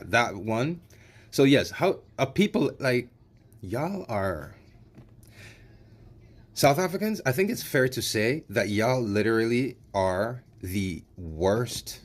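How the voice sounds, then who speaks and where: A man ranting in an angry reaction video, heated, profane and repetitive. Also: on the low side. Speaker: commentary vlogger.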